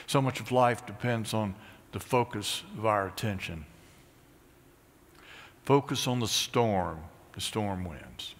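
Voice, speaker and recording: A pastor preaching a sermon, swinging from high, excited bursts to hushed, near-whispered lines. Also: male voice, slow pace, in a large hall. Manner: animated, rising to high excited peaks then dropping to hushed near-whispers.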